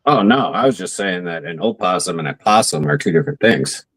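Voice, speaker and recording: A man's voice: low voice, lively intonation, fairly quick, a bit bright, dry recording. A man co-hosting a podcast in casual banter, playful and teasing, laughing easily. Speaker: podcast co-host.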